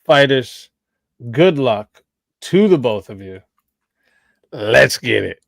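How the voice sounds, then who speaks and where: A man's voice: medium pitch, sing-song, slow, gravelly, no echo. A man hosting a live debate stream, casual and talking to chat, saying bro. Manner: casual, says bro a lot.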